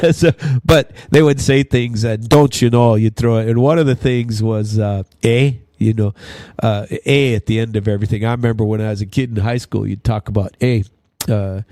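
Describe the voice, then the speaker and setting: A man's voice: on the low side, steady tone, brisk, dark tone, no echo, studio quality. A man hosting his own radio show, rambling through news commentary with many fillers and restarts. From Minnesota. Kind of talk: casual news commentary monologue.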